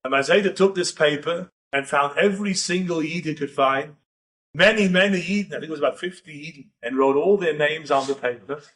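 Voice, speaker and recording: Rabbi storyteller, man, bright, forceful delivery, lively dramatic build. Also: a little high, a little fast, distant mic. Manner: animated, building dramatic tension. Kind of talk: storytelling lecture.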